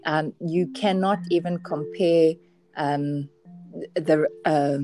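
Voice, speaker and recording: A woman's voice: sits low, steady tone, takes it slowly, music in the background. South African woman co-hosting a podcast. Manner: amused, chatty storyteller. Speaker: podcast co-host. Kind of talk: casual podcast chat, reading a story aloud.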